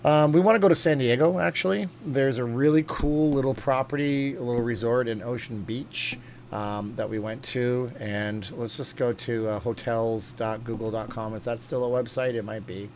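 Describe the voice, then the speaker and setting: A man's voice: medium pitch, fairly even intonation, moderate pace, a little mellow, slight background noise. Rambling man hosting a chat stream. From USA. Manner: rambling, reads comments aloud, many fillers. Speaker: livestream host reading chat. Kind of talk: casual livestream chat.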